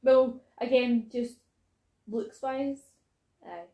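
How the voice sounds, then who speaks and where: A woman's voice: a little high, extremely slow, mellow, reverberant, rough recording. A woman in casual podcast chat who laughs often and acts out quotes.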